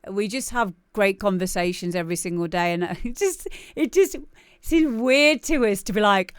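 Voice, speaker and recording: A woman's voice: mid-range voice, animated, moderate pace, clean tone, dry recording, studio quality. Giggly, chatty woman streamer. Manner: chatty and giggly, rambling with many fillers. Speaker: livestream show host. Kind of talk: casual livestream chat.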